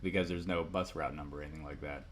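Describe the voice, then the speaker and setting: A man's voice: extremely low pitch, fairly even intonation, racing, slight background noise. A man co-hosting a casual podcast chat, rambling and laughing as he reads a legend aloud. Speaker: podcast co-host.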